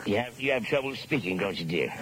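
A man's voice: on the low side, expressive, fast, crowd noise. An American man hosting a radio show, teasing callers in drawling, chuckling hipster slang. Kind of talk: jive-talking radio show patter.

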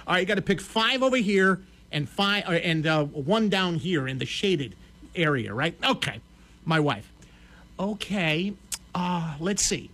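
Brief: radio host, Connecticut man, high voice, lively storyteller doing both sides of a chat. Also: normal speed. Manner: animated storyteller acting out both sides of a dialogue. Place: radio studio.

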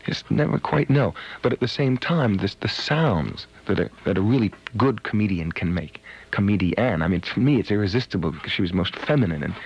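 Husky low-voiced radio host musing. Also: male voice, animated, a little fast, few pauses. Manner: rambling, musing anecdote-telling. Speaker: radio disc jockey. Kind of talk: late-night radio storytelling. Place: radio studio. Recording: dull lo-fi 1970s radio broadcast.

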